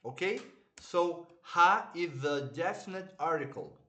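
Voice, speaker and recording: Slow, patient male Hebrew teacher. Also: a little high, expressive, pushed and bright. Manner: slow, patient, repeats words for students, clears throat often. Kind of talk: online language lesson.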